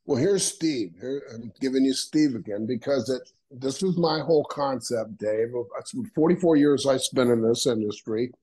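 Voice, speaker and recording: A man in his sixties tells stories from his career as an interview guest. His voice has a husky, slightly rough edge, and he slips into other people's voices as he talks, laughing along the way. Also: medium pitch, moderate pace, hardly any pauses, rough recording. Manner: animated storyteller, acts out quoted voices, laughs often. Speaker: guest, retired wrestler. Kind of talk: storytelling interview.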